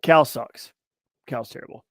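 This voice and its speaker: A young man co-hosting a casual sports podcast, ranting loudly and profanely with a lot of repetition. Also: measured pace, no room sound. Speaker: podcast co-host.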